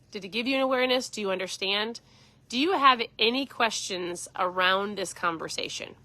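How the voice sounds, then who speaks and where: Middle-aged woman host, casual livestream chat, bright and upbeat, close dry sound. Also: medium pitch, no room sound. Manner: chatty, enthusiastic, acts out dialogue.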